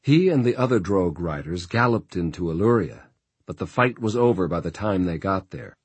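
A male narrator reads a novel in a steady, measured way. His voice sits very low and carries a husky grain. The sound is close and dry, as from a booth. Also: dry recording. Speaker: audiobook narrator. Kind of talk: scripted narration.

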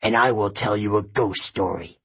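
A man's voice: lowish voice, fairly even intonation, moderate pace, a bit bright, breathy edge. A man reading an audiobook voices a cruel, scornful ancient king who runs a camp, sounding menacing and sneering. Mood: commanding.

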